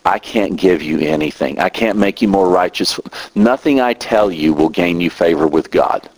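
A man's voice: normal speed, a little mellow, rough recording. A middle-aged man preaching a sermon as a minister, talking with growing passion. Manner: impassioned, rising in pitch when emotional.

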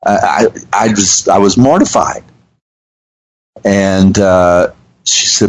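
A man, hosting a radio show and telling a story in an earnest, halting way with restarts. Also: sits low, rough recording. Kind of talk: conversational storytelling.

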